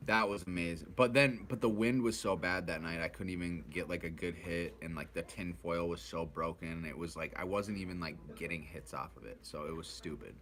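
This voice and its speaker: A man's voice: low-pitched, a little fast, hardly any pauses, a bit bright, a little hiss or hum. Rambling, profane Midwestern man. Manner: rambling, profane, acts out voices of others. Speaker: vlogger recounting his addiction. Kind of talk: casual storytelling.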